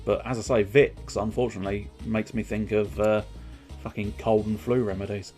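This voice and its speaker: A man's voice: on the low side, fairly even intonation, normal speed, a little mellow, faint music behind. A man streaming a game playthrough, rambling and joking with casual swearing. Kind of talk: live game playthrough commentary.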